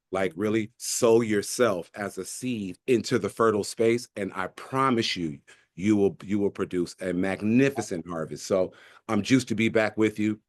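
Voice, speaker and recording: A man's voice: lowish voice, no echo. A man speaking to his team in a casual, hyped way, full of slang and casual swearing. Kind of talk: casual motivational talk.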